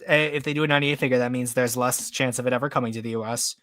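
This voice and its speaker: A man's voice: mid-range voice, fairly even intonation, very fast, a bit bright, no echo, clean studio sound. A man hosting a casual podcast chat, loose and joking, with lots of "like". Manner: loose, joking, heavy use of "like". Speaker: podcast host.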